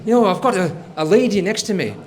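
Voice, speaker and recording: A man hosting a comedy show and telling jokes in an upbeat, lively way. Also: sits high, quick pace. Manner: upbeat, lively joke delivery. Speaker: show host.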